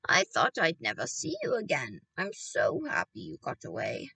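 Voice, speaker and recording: A deep-voiced loving old grandmother. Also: wildly swooping pitch, vocal fry, breathy edge, heavily acted. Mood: tender. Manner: slow, low and warm-hearted.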